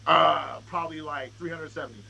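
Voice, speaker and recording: This podcast guest, a man who raps, recounts a casual story full of profanity, animatedly performing the lines others said. His voice is a little high and a little fast with vocal fry, heard over crowd noise in a low-quality recording.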